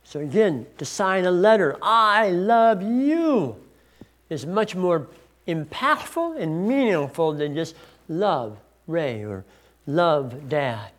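A middle-aged man preaching a teaching sermon, deliberate and stretching key words for emphasis. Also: fairly high pitch, very animated. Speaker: pastor.

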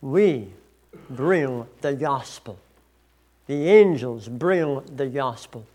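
Slow, deliberate male pastor. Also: medium pitch, animated, a little mellow. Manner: deliberate, stretches key words for emphasis. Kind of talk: teaching sermon.

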